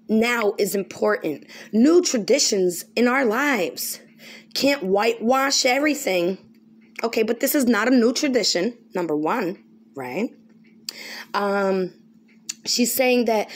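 Woman vlogger, higher pitch, emphatic and preachy, repetitive. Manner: emphatic, repetitive, keeps asking okay. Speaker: spiritual vlogger.

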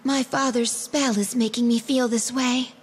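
A woman's voice: fairly high pitch, fairly even intonation, measured pace, breathy edge. A woman voicing a proud young valkyrie warrior princess in a game, speaking in a formal, archaic and stern manner. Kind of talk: game voice acting.

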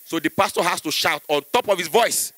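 Nigerian male comedian, church stand-up, high-pitched, crisp bright tone, lively delivery with shouts. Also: fairly quick, dry recording. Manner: animated storytelling, acting out voices, rising to shouts.

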